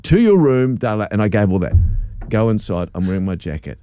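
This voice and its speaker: A man's voice: on the low side, a little fast, soft background music. A man, a radio breakfast host, telling a story in casual chat and acting out the voices as he goes. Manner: animated storyteller who acts out voices and laughs. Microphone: studio microphone.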